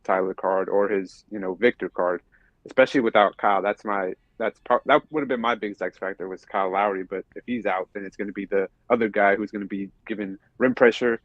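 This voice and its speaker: A man's voice: on the low side, steady tone, a little fast, dry recording, dull audio. A man co-hosting a sports podcast, rambling with many fillers. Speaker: podcast co-host. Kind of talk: casual sports talk.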